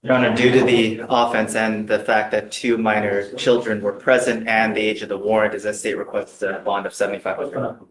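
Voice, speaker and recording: A prosecutor, a man with a lowish voice, addresses the bench in a formal, procedural way. The sound is roomy and echoing, with people audible around him in the courtroom. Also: little pitch movement, fairly quick, hardly any pauses, a crowd in the background. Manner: formal, procedural, hesitant fillers. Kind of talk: courtroom argument.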